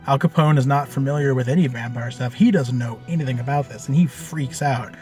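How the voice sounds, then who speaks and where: A man telling the story of a tabletop game he ran as game master, in a loose, animated way with lots of fillers and casual swearing. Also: medium pitch, fairly quick, faint music behind.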